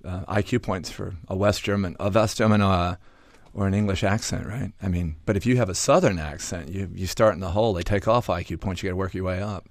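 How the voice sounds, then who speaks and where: A man's voice: low voice, brisk, dry recording, studio quality. A man from Atlanta, a neuroscientist guest on a radio talk show, explaining in a thoughtful way with many ums and restarts. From Atlanta, US South. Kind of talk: radio interview, conversational explaining.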